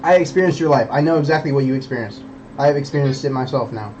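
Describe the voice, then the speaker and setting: A man's voice: medium pitch, quick pace, a little mellow, lo-fi sound, slight background noise. A young man streaming, rambling in casual chat, swearing a lot and preaching about belief.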